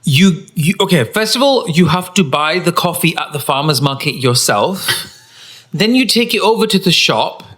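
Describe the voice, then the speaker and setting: A man's voice: a little high, moderate pace. A man co-hosting a podcast, ranting sarcastically in casual chat. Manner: sarcastic, mocking, animated. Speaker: podcast co-host.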